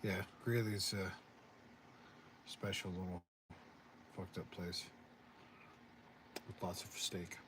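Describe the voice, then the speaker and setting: A man in casual chat, relaxed and chatty, with frequent swearing. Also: deep voice, slow pace, pauses often, noisy background. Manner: laid-back, profane, chatty.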